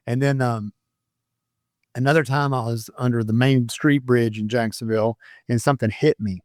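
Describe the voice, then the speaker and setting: In a casual interview, a Florida man in his fifties who retired as a sheriff's deputy rambles through stories, chuckling at his own expense. He talks fairly quickly in a mid-range, darkish voice with fairly even intonation, recorded studio-clean with no room sound.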